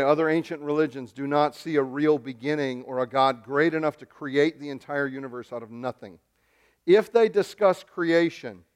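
A man preaching a sermon, excitable and emphatic, often repeating words and swinging between loud stresses and quiet asides. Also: fairly high pitch, clean tone. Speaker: pastor.

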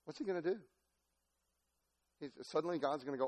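A man preaching a sermon as pastor, telling a story in an animated, folksy way with laughter. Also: fairly high pitch, brisk, pauses often.

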